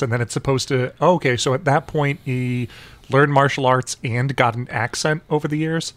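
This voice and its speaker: A man's voice: mid-range voice, no echo. Joking male podcast co-host, dry close sound, acts out bits. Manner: joking, acting out scenes in quick asides. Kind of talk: casual movie discussion.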